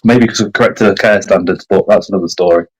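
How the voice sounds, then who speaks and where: A man hosts a casual livestream chat from a streaming setup, poking fun at himself and reading out viewer comments. His voice is low-pitched and husky, and he speaks fast. The recording is rough.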